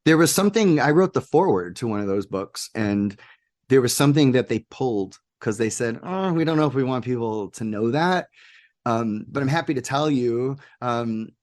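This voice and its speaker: Male guest, casual storyteller, rambling and animated, middle pitch. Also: normal speed. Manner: animated, rambling anecdotes with laughs and quoted voices. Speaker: interview guest, game maker.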